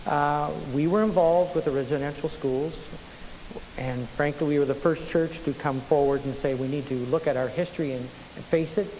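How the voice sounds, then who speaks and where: A middle-aged man preaching a sermon, telling a personal story with lively, stop-and-start phrasing. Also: a little high, normal speed. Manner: animated storyteller, frequent restarts. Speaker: pastor. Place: church sanctuary. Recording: long church reverb, faint hiss.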